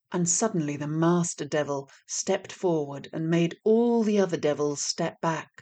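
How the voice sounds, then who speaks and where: A woman reading a folk tale aloud, in a measured and expressive storytelling manner. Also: low voice.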